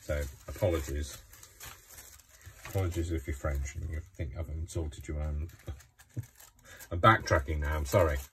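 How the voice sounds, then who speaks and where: A man with a low, deep voice chats aimlessly as he crafts at home. He is self-mocking, apologises a lot and jokes about himself. A faint hum sits under the recording. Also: normal speed, pauses often, a bit bright. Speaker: craft vlogger. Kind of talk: casual chat while crafting.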